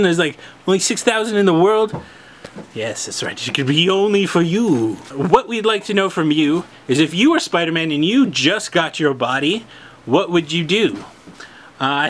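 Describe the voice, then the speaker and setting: Joking man with a faint hiss behind. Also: a little high. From Canada. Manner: jokey, playful, swings between loud and mumbled asides. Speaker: comic shop co-host. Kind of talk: casual chat.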